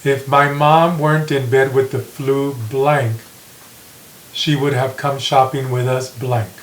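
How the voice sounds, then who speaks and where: A man teaching an English grammar lesson, reading example sentences slowly and repeating them with care. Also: medium pitch, level tone. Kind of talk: slow classroom grammar lesson. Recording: echoey room with faint hiss.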